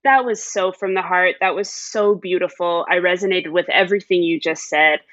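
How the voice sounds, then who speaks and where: A woman's voice: on the low side, steady tone, moderate pace, fairly bright tone, no room sound, lo-fi sound. A woman hosting a podcast, affirming her guest with lots of short agreement. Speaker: podcast host. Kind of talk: podcast interview.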